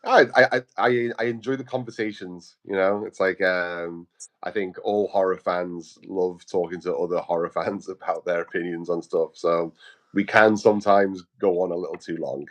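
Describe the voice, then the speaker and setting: A man speaking as a guest on a podcast in casual chat, relaxed and chuckling, often restarting his sentences. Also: low voice, normal speed. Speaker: guest artist.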